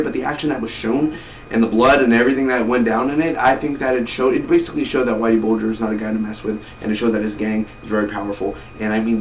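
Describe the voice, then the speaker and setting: A man giving a casual spoken film review in a rambling, enthusiastic way, often repeating words as he goes. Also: medium pitch. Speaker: movie reviewer. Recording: roomy echo, distant mic, faint noise.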